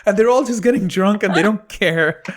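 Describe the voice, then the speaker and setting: Guy comic on a podcast spinning a story, acts out the voices, keeps laughing, voice sits a bit high. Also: normal speed. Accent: Emirati-raised English. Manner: animated storyteller who acts out quotes and laughs often. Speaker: comedian guest.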